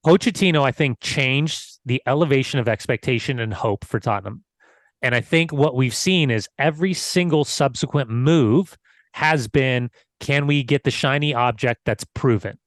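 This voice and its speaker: A man's voice: mid-range voice, normal speed, no room sound. A man co-hosting a casual football podcast, teasing and analytical, given to repeating his phrases. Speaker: podcast co-host.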